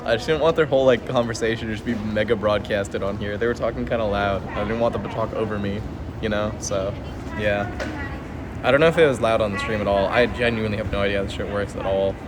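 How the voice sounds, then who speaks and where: A man's voice: lowish voice, steady tone, fast. A young man livestreaming from an airport terminal floor on his phone, rambling in a half-whispered, self-mocking way. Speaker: streamer. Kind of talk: casual livestream chat. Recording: phone stream with airport noise.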